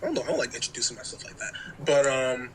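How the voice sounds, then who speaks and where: A man's voice: medium pitch, very fast, a little hiss or hum, poor audio. A man from New York co-hosting a podcast over a call, laid-back and hesitant in his speech. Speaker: podcast co-host. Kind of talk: casual chat. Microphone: remote call mic.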